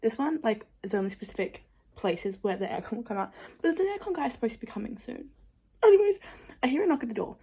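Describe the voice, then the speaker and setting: A young woman chatting casually to camera in a rambling, animated way, full of "like" fillers. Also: a little high, quick pace, slightly rough. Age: young adult. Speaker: vlogger.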